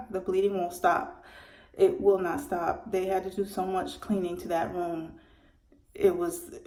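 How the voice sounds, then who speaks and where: A woman telling the story of her premature birth in a halting, emotional way, with many restarts. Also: on the low side, mellow, echoey room. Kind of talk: personal storytelling monologue.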